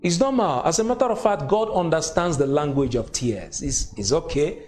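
Man, non-native English speaker, sermon, high lively voice, repetitive consoling preaching. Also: normal speed. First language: not English.

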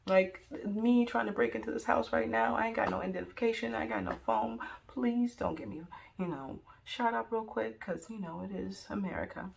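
Chatty young woman with gravelly fry. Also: medium pitch, fairly quick, few pauses. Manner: rambling, animated, jokey, full of "like" and "um". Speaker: vlogger. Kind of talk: casual storytelling vlog.

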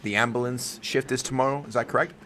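A man hosting a live reaction stream, excitable and joking, swearing now and then. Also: mid-range voice, quick pace. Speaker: watchalong host.

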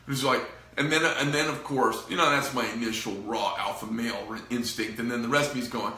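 Middle-aged guy who runs a knife shop, ranting and cursing to camera, bright punchy voice. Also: mid-range voice, fairly even intonation, a little fast, hardly any pauses, roomy sound. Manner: profane, frustrated, rambling. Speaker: knife company owner. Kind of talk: casual venting to camera.

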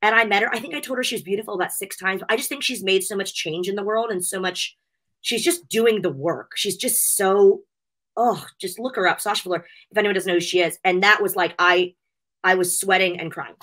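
A woman's voice: medium pitch, a little fast, fairly bright tone. A middle-aged woman chatting as an interview guest, gushing and emotional, laughing often as she talks. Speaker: interview guest, wrestling show host. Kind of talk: casual interview chat.

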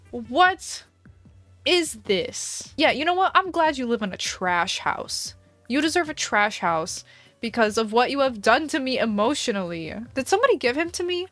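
Woman streamer, lively, melodramatic live-game commentator, soft music underneath. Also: fairly high pitch, normal speed, dry recording. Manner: dramatic, excitable, talks to herself.

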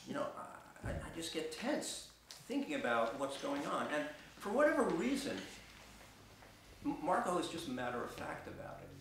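A middle-aged man telling a personal story on stage, halting, with many restarts and fillers. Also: on the high side, a bit bright, a little hiss or hum. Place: theater stage. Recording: echoey theater from far off.

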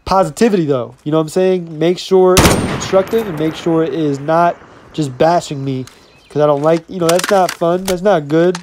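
A man's voice: on the high side, moderate pace, noisy background. A man in his twenties, a gaming YouTuber, talking through his gameplay in a casual, upbeat way and often saying "you know what I'm saying".

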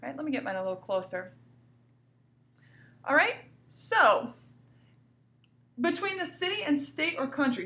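A woman's voice: on the high side, expressive, normal speed, long pauses, sharp tone, distant mic. A woman teacher giving a cheerful, encouraging grammar lesson to young children, speaking to them directly. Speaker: elementary school teacher. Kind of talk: recorded remote grammar lesson. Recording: echoey room, voice from off mic.

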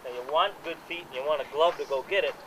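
A man teaching softball fielding technique to players at an outdoor clinic. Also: fairly high pitch, fast. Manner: coaching players with hands-on instruction. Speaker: softball coach. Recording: noisy outdoor camera audio.

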